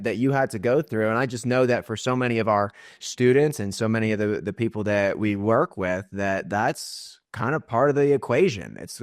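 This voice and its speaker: A man hosting a podcast in a casual interview, halting and repeating his words as he speeds up in bursts. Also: fairly low pitch, no room sound, studio quality. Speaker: podcast host.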